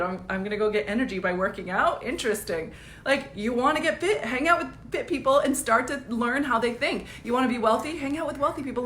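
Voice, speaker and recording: A woman business coach giving a casual live-streamed pep talk, energetic and blunt, laughing often and swearing casually. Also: high voice, roomy sound, a little hiss or hum.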